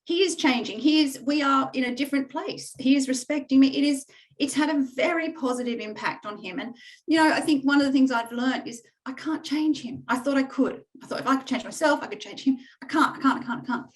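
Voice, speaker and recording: A woman's voice: high-pitched, low-quality recording. Woman in her middle years chatting about her own life, lots of um and you know, thoughtful. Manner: reflective, halting with many fillers. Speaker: coaching client. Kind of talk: candid testimonial conversation.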